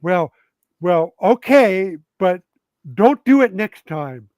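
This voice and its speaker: A man voicing a soft-spoken noblewoman. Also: high-pitched, lively intonation, takes it slowly, smooth, no room sound. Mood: scolding. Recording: dull lo-fi sound.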